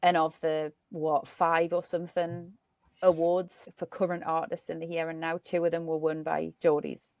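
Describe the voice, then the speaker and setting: A woman's voice: sits low, little pitch movement, normal speed, a little mellow, no echo, studio quality. A woman with a Northumbrian accent, a podcast guest talking with emphatic passion in casual conversation. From Northumberland, North East England. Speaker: interview guest.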